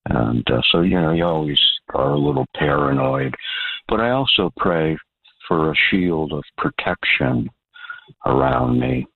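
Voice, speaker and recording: A man with a very deep, gravelly and husky voice calls in to a radio show. He talks plainly, pausing on fillers, and comes through a tinny phone line that sounds dry and close. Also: lively intonation, no echo. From Florida. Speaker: caller. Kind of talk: call-in radio chat.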